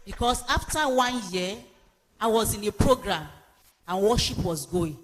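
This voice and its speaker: A woman with a medium-pitched voice and lively intonation speaks a little slowly, delivering a sermon-like counselling talk as a pastor and speaker. She repeats her exhortations with emphasis, and the recording carries long hall reverb.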